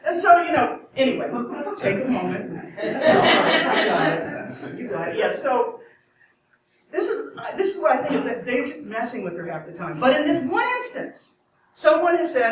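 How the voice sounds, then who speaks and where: A woman's voice: high-pitched, big pitch swings, moderate pace, slight background noise. Rambling woman storyteller in an echoey hall. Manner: rambling, self-correcting, wry asides. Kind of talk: live comic storytelling. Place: live event room. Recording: echoey room from far off.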